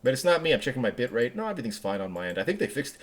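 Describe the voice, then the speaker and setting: Chatty excitable male game streamer. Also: mid-range voice, rapid-fire. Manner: chatty, excitable, laughs easily. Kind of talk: live gameplay commentary.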